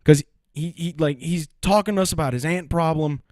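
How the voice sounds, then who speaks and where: A man's voice: a little high, brisk, darkish tone, no room sound. A man in his twenties co-hosting a podcast with dry, self-mocking humor. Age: 20s. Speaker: podcast co-host. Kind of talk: casual chat.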